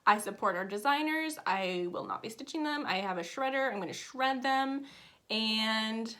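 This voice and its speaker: A woman's voice: a little high, normal speed, a bit bright. A woman in her thirties chatting casually to camera at home, telling a personal story with lots of emotion. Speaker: flosstube vlogger. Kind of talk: casual chat.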